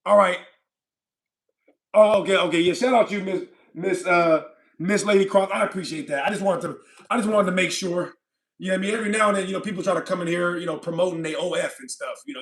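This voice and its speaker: A man from California with a high-pitched, fairly bright voice hosts a livestream. He chats casually and reads viewer comments aloud, rambling, repeating himself and laughing frequently.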